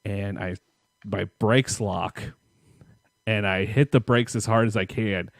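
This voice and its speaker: A man's voice: fairly low pitch, steady tone, slow pace, vocal fry, no echo, clean studio sound. A man co-hosting a podcast, telling a long, profane childhood story in a rambling way and laughing at himself. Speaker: podcast co-host. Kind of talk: casual storytelling chat.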